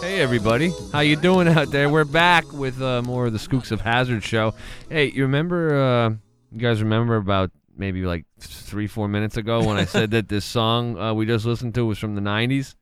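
A man's voice: mid-range voice, steady tone, a little fast, few pauses, fairly bright tone, faint music behind. A man hosting a casual radio show, joking around, rambling with lots of fillers and laughing often.

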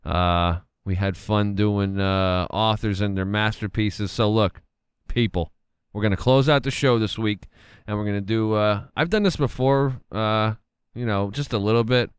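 A man's voice: lowish voice, normal speed, hardly any pauses, smooth, dry recording, clean studio sound. A man hosting a casual radio show, joking around, rambling with lots of fillers and laughing often.

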